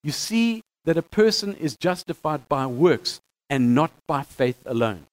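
A man with a notably high speaking voice explains scripture in a relaxed, conversational way. He stumbles and restarts now and then, and leans into quoted verses with extra emphasis. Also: measured pace. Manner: conversational, animated when reading quotes, some stammering restarts. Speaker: teacher. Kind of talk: Bible teaching talk.

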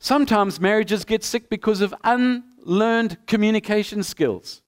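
A man preaching a sermon, acting out little dialogues with lively energy. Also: sits high, measured pace, clear, resonant tone. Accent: non-local accent. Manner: animated preaching, acting out both sides of a dialogue. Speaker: pastor.

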